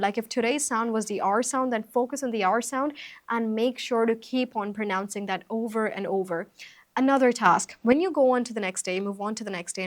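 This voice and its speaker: A young woman giving a casual video lesson as an accent coach, speaking in an upbeat, direct way to her viewers. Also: mid-range voice.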